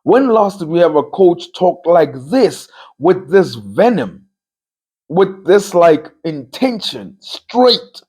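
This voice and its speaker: Emphatic husky-voiced man. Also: high-pitched, big pitch swings, takes it slowly, a little mellow. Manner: emphatic, repeats phrases for effect. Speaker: football talk show host. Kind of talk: casual opinion commentary.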